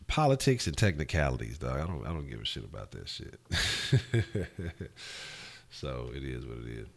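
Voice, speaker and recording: A host talks sports in a loose, profane ramble, often restarting his sentences. His voice sits extremely low, a very deep bass. He chats casually and keeps answering viewers. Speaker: sports talk show host. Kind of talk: casual live-stream sports talk, answering chat.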